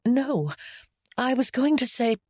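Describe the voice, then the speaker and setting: A sensible young wife, as a male narrator puts her on, her voice lifted higher and kept gentle and earnest. The delivery is dry and close, with a lively melody. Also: slow pace, no room sound, heavily acted. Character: spirited young wife, level-headed and kind. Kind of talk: audiobook character voice.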